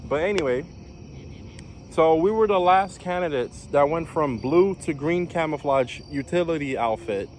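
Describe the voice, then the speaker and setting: A man's voice: a little high, moderate pace, darkish tone, slight background noise. Rambling young man from New York. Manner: rambling, many fillers and restarts. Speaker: vlogger, former navy recruit. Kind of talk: casual storytelling vlog.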